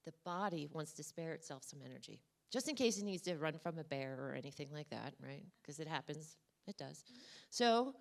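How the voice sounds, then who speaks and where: A woman with a low voice and vocal fry energetically coaxes a conference audience through voice exercises during her motivational talk. She speaks to the crowd directly in a conference room.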